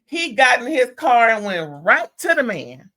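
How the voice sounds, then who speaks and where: A woman's voice: on the high side, big pitch swings, a little slow, sharp tone. A woman from California giving sassy, opinionated commentary as she recaps a reality TV reunion in casual chat. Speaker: reality TV reviewer.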